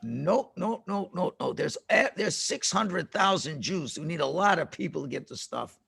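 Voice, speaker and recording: A rabbi telling a lesson story to children over a video call, dramatic and full of questions to the kids. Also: male voice, fairly high pitch, animated, moderate pace, creaky, a bit bright, husky, dry recording, clean studio sound.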